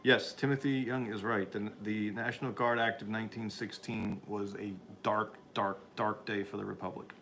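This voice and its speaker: A man with a fairly low, slightly bright voice hosts a livestream, reading chat and rambling through opinionated commentary with frequent restarts and chuckles. He talks at a moderate pace with little pitch movement and hardly any pauses, against slight background noise.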